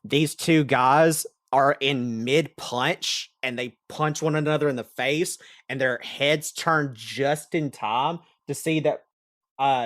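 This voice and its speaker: A man's voice: a little high, a bit bright, no room sound, studio quality. A man running a tabletop game as game master, narrating casually with crude humor. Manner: unhurried, casual, crude jokes.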